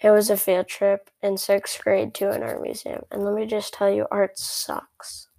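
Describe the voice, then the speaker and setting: A woman's voice: medium pitch, completely flat delivery, a little slow, gravelly, dark tone, no echo. A woman narrating a story in the first person, chatty and rambling, with sarcastic asides.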